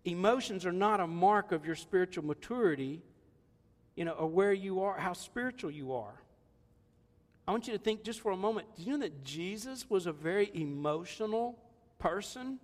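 A man's voice: high voice, expressive, moderate pace, in a large hall. A man in his sixties preaching a sermon in a conversational, joking way, laughing often. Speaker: pastor.

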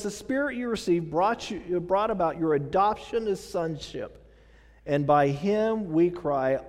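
A man's voice: high voice, a little mellow, in a large hall. A middle-aged man preaching a sermon in a casual, conversational way, often repeating himself and using fillers. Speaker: pastor.

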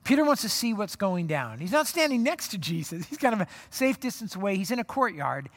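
A pastor giving a conversational sermon at a worship service, telling the story in an animated way with frequent restarts. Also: medium pitch, a little fast. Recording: long hall reverb.

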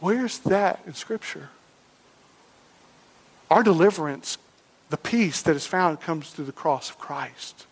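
A man's voice: a little high, lively intonation, slow, pauses often, breathy edge. A man preaching a sermon as pastor, firing off rhetorical questions and repeating points for emphasis. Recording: long reverb of a large hall.

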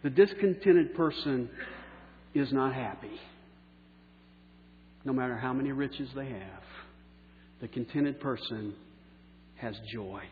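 A pastor preaching a sermon, slowing down for key phrases and letting line endings trail off softly. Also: male voice, medium pitch, slight background noise. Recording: echoey hall on a tinny phone-like line.

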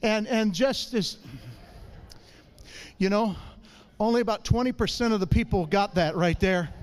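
A middle-aged man giving a humorous testimony to a congregation, an animated storyteller who keeps calling for the audience's response. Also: sits high, unhurried, clean tone. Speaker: church speaker.

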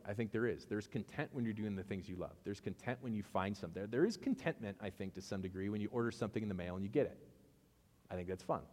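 A man pastor gives a chatty sermon full of personal anecdotes, acting out both sides of the conversations. His voice sits a little low and gets animated as the stories build. The sound carries a long reverb from a large hall.

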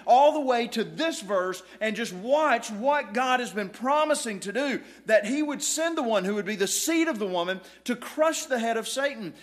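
Pastor guy preaching in church, kinda high voice, emphatic then gets quiet and intense. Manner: emphatic preaching, dropping to hushed intensity at points. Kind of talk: sermon. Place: church sanctuary.

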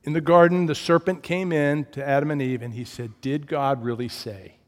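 A man preaching a sermon as pastor, telling stories and swinging from loud emphasis to hushed, low tones. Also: fairly even intonation, normal speed, long reverb tail.

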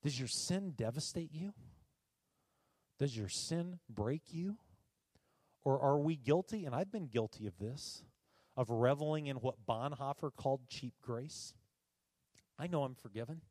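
A man's voice: mid-range voice, measured pace, darkish tone, no echo. A man preaching a sermon, earnest, often repeating words and asking the congregation rhetorical questions. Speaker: pastor.

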